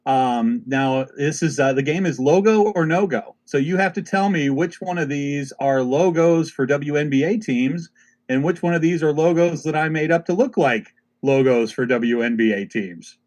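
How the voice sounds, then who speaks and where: A man's voice: on the high side, moderate pace, a little mellow. A man co-hosting a podcast who introduces a game in an easygoing, hesitant way. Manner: easygoing, hesitant with many fillers. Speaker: podcast co-host running a game segment. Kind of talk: casual chat.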